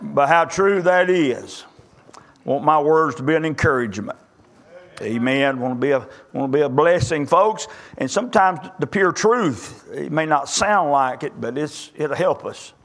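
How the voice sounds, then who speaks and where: A man's voice: on the high side, expressive, unhurried, fairly bright tone. A man preaching a sermon, telling folksy stories and plain jokes between scripture readings.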